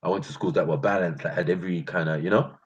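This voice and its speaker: Low-pitched and breathy, he talks at a quick pace, a channel host from North London with a London accent. His casual storytelling monologue about the streets is animated, slangy and laughing. The recording is dull and lo-fi.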